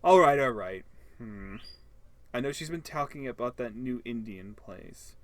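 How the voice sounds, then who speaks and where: A man voicing a chatty, caring female best friend who teases in a warm-hearted way. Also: medium pitch, lively intonation, measured pace, natural voice. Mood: teasing.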